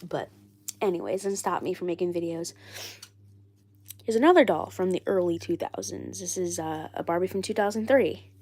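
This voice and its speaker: A woman's voice: on the low side, normal speed, a little mellow. A woman with a cold, sounding congested, chatting casually on a live stream and rambling with lots of fillers and repeats. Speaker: doll collector vlogger.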